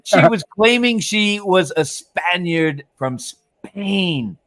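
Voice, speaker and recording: Profane rambling man with lively pitch. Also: slow, dry recording. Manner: profane, rambling, laughs often. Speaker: podcast co-host. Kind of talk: casual live panel chat.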